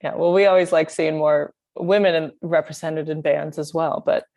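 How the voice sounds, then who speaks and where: Woman host with a gravelly edge. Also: low voice, fairly even intonation, normal speed, a little mellow. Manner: encouraging, frequent backchannel. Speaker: podcast host. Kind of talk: casual interview chat.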